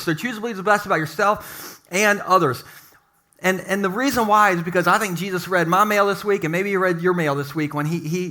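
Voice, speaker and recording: A man pastor giving a sermon to a live congregation, telling stories with animated humor. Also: high-pitched. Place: church service with a live congregation.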